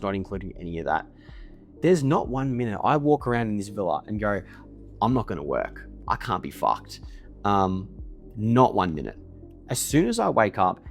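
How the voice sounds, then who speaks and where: A man, boasting and swearing in a casual monologue to camera from his desk, ending points with a pushy "okay?". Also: mid-range voice. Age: 20s. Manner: boastful and profane, keeps tagging "okay?". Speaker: email marketing business owner. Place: indoors at his desk in a villa.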